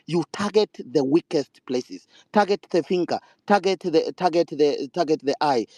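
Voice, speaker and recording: Man, speech-like and insistent, slightly high, dry sound. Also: a little mellow, no echo. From Kenya. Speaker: speaker.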